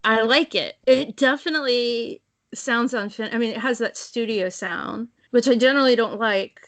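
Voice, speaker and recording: A woman's voice: fairly high pitch, moderate pace, a bit bright, no echo. A woman co-hosting a fan podcast, chatting casually and animatedly, swearing and laughing often. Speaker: podcast co-host. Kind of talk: casual chat.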